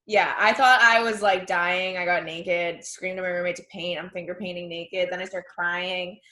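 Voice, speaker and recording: A young woman with a Boston accent, a comedian telling stories in casual chat over a video call, acting out quotes with big jumps in pitch. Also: steady tone, moderate pace, sharp tone, roomy sound. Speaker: podcast guest, comedian.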